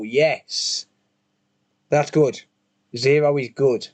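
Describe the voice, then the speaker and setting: A man's voice: medium pitch, measured pace, pauses often, darkish tone. A man chatting casually on a live repair stream, joking, swearing and answering his chat as he works.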